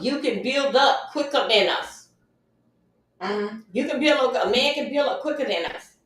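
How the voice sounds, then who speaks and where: Woman streamer, somewhat high voice, emphatic repeater, echoey room far from the mic. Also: fairly bright tone. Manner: chatty, emphatic, repeats phrases. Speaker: livestream host. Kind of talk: casual livestream advice talk.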